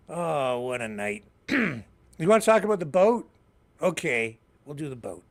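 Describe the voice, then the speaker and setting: Giggly, animated Canadian man. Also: mid-range voice. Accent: Canadian English. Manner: rambling, laughs often at his own jokes. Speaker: news show host. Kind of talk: casual live news commentary.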